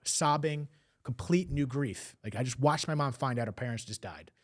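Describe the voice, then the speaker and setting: A man telling a personal story on a podcast, emotional, slipping into quoted voices. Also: mid-range voice. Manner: fast, emotional retelling with acted quotes. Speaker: podcast guest.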